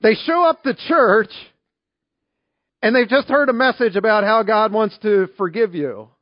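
A male pastor with a somewhat high voice preaches in a chatty, storytelling way that turns animated in anecdotes. The recording is dry and a bit dull. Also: unhurried, no room sound. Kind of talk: sermon.

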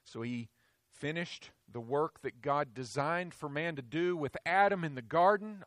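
A man delivers a sermon with a somewhat high-pitched voice, recorded dry and close. He preaches emphatically, rising to loud declarations and sinking to hushed, low phrases. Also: moderate pace, dry recording.

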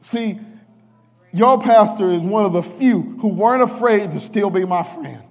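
A man preaching a sermon, emotional, moving from hushed tones to shouts. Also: sits high, unhurried. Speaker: guest preacher. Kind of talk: sermon with testimony. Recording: reverberant church hall.

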